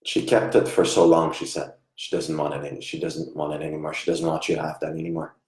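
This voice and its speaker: A man giving a live online psychic reading, soft-spoken and halting, often trailing off quietly. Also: a bass voice, monotone. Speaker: psychic medium. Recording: echoey room.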